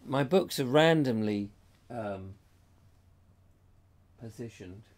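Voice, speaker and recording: A man's voice: medium pitch, animated, takes it slowly, a little mellow. A middle-aged man hosting a casual live chat, reading viewer comments aloud and reacting to them. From Britain. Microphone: lapel mic.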